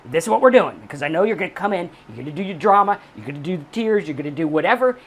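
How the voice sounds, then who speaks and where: Talking rapid-fire with few pauses, this recovery-channel host gives direct-to-camera advice in a slightly high, animated voice. He's blunt and emphatic, swears a lot, and keeps circling back to the same key points.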